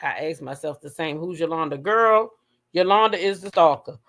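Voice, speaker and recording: A woman hosting a casual gossip livestream, talking with her chat, swearing freely and breaking into high shrieks as she retells her reactions. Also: normal speed, fairly bright tone. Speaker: livestream host.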